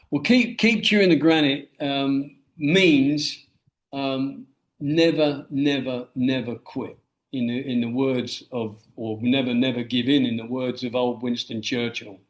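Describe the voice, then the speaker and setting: A man's voice: mid-range voice, slow pace. A man being interviewed about his memoir, telling stories and acting out the things people said to him. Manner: animated storyteller who acts out quoted dialogue. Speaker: guest, memoir author. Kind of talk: storytelling interview answer. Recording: roomy echo.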